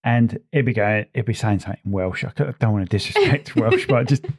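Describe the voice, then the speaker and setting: A man's voice: mid-range voice, expressive, a little fast, slightly rough. A man hosting a podcast, chatting casually in a rambling, jokey way that keeps interrupting itself. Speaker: podcast host. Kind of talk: casual chat.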